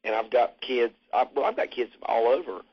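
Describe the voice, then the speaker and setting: Husky-voiced man in casual interview. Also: medium pitch, brisk. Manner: rambling, profane, laid-back. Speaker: musician interviewee. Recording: muffled lo-fi recording.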